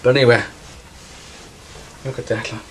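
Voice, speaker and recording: A man's voice: mid-range voice, little pitch movement, normal speed, a bit bright, a little hiss or hum. Chatty man with a strong regional accent. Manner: chatty, repeats himself often. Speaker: bushcraft vlogger. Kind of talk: casual unboxing vlog.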